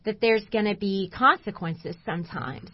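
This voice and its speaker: A woman's voice: medium pitch, normal speed, dry recording. Lady co-host on christian radio, chatty and laughing, dry dull studio sound. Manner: lively, laughing storyteller. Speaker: radio show co-host, coach. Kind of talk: casual Christian radio talk, storytelling.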